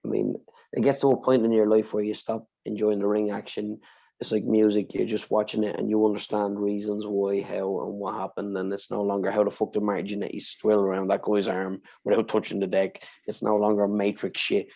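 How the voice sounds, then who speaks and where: A man on a podcast telling an emotional personal story, swearing freely and speaking with deep feeling. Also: little pitch movement, brisk, gravelly, warm tone, dull audio. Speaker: podcast co-host.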